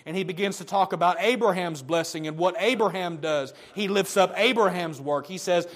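A man's voice: high voice, a little fast, hardly any pauses. A man preaching a sermon, emphatic and repetitive, often restarting his phrases.

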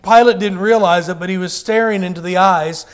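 Male preacher, high voice, fervent sermon delivery with call-outs, roomy hall. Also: brisk. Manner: fervent, calls out to the congregation, many restarts.

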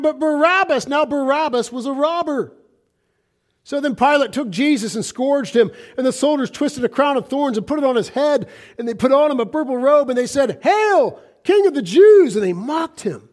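A man with a notably high voice delivers a fervent sermon, reading scripture aloud. He swings between loud, ringing cries and hushed, breathy whispers. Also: moderate pace. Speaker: preacher.

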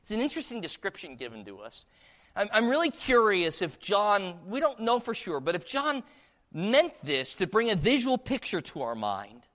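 A man's voice: high voice, huge pitch swings, moderate pace, a bit bright. A man preaching a sermon in a church service, putting many questions to the listeners. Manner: asks the congregation many rhetorical questions.

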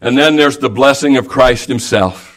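A man preaching an evangelical sermon, slow and emphatic, quoting King James scripture at length. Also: mid-range voice, fairly bright tone.

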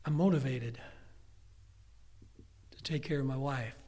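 A man's voice: medium pitch, measured pace. An older man preaching a sermon as pastor, telling family stories with humorous asides. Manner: lively storytelling with humorous asides. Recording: long hall reverb.

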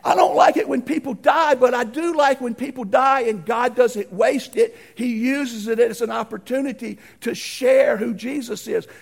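A middle-aged man preaching a folksy storytelling sermon, animated and acting out the voices in his stories. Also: very high-pitched, normal speed, gravelly, hardly any pauses.

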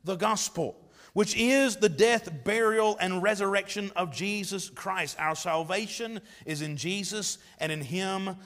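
High-voiced preacher in a reverberant church. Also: male voice, measured pace, fairly bright tone. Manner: emphatic preaching with swells in volume, reads scripture aloud. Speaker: pastor. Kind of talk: sermon. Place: church sanctuary.

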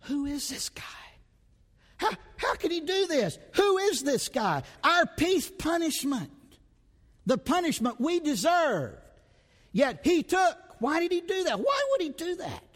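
A man preaching an expository sermon, dramatic and emphatic, repeating rhetorical questions, stretching out words and dropping to a hush. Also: very high voice, sing-song, a little slow, long reverb tail.

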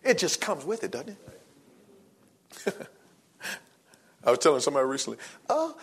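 A man in his forties preaching a sermon as a pastor, moving between low, quiet reflection and raised, excited delivery. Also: moderate pace, pauses often, slightly rough.

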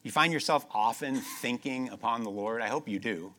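A man preaching with a bright, ringing tone that cuts through clearly. He swings from loud, emphatic stretches to soft, slowed passages, repeating key phrases and asking his congregation rhetorical questions. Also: medium pitch. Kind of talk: sermon.

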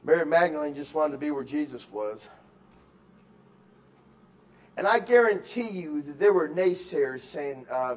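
Male pastor, high voice, sermon delivery: quiet reflection building to loud urging, restarts words as he preaches. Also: animated, measured pace, pauses often. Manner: swings from quiet musing to loud emphatic exhortation; acts out excuses in quoted voices.

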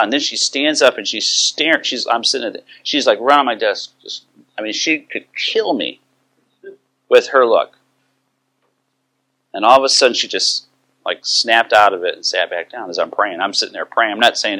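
Man, middle-aged, teacher, conversational, bright tone, fairly low voice. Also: a little fast. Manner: conversational, acts out quoted dialogue. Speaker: biblical counseling teacher. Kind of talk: teaching talk with story.

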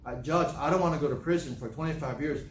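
A man acting out a frightened young man who begs a judge for mercy, speaking softly with stammers. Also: fairly high pitch, fast talker, roomy sound, slight background noise, lightly acted. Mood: pleading. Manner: soft, stammering, pleading.

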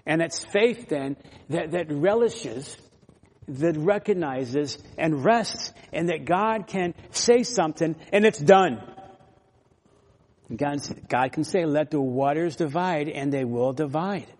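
A man preaching an expository sermon, teaching verse by verse and slowing down to stress key words. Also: fairly high pitch, animated, a little mellow, big-room sound.

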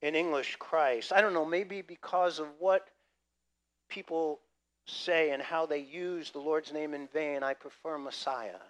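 A man preaching a sermon, lively and conversational, swinging between loud emphasis and quiet asides. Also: on the high side, a little slow. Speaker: pastor.

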